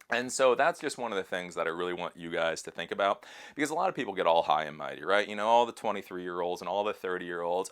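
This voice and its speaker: A man in his late thirties with a fairly low voice that swings widely up and down as he talks. He gives casual, chatty advice to his viewers and often slips into mocking impressions of other people. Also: quick pace, clean tone. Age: 30s. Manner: animated, mimics other people in high put-on voices. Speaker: host.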